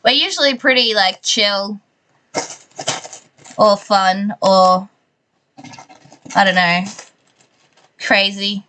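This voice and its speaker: A young woman with a mild Australian accent chats to her live viewers in a loose, easygoing way. She talks at a slow, unhurried pace, dotting her sentences with "like" and small laughs, at a middling pitch. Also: a little hiss or hum. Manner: chatty, relaxed, frequent likes and laughs. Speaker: livestreamer. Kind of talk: casual chat with live viewers while building.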